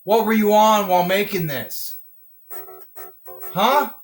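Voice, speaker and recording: A man from the US giving casual, excitable gameplay commentary, whooping and breaking into rhymed boasts. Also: high-pitched, takes it slowly, faint music behind, rough recording. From United States. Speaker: gamer.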